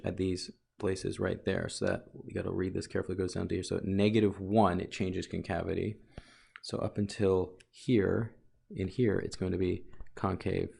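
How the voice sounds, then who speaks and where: A male math teacher walks through a graph in a recorded lesson. His voice sits low and gravelly with a husky edge. He thinks aloud and keeps stopping to correct himself. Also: dark tone. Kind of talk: recorded calculus lesson with board work.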